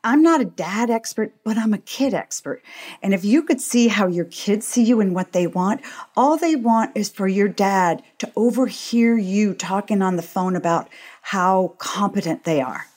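A woman's voice: mid-range voice, normal speed. Emphatic older woman guest. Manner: emphatic, confident, animated. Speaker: guest, physician and parenting author. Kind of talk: conversational interview.

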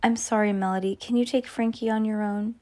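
A woman's voice: medium pitch, fairly even intonation, brisk, darkish tone, voice pushed up, natural voice. A woman voicing a stressed, defensive mother in a read-aloud storybook.

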